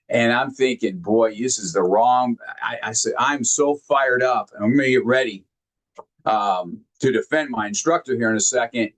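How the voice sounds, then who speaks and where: Earnest man telling heartfelt personal stories. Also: mid-range voice. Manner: earnest, halting, repeats words when moved; emphatic, directly addresses listeners. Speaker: motivational speaker. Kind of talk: heartfelt storytelling talk.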